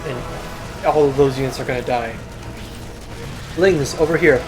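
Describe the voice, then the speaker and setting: A man's voice: mid-range voice, unhurried, music in the background. A young man giving casual, self-deprecating solo commentary on a strategy game replay. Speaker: game caster.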